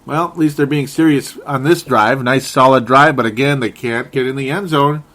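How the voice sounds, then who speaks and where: A man hosting a sports podcast, recapping games in a casual, sarcastic and animated way. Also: medium pitch, normal speed. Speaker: podcast host.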